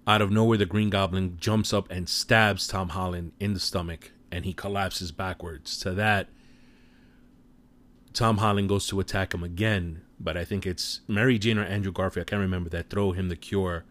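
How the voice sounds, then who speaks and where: A man casually retelling a movie plot in an animated way, with offhand swearing. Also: low voice, moderate pace. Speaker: film recap commentator.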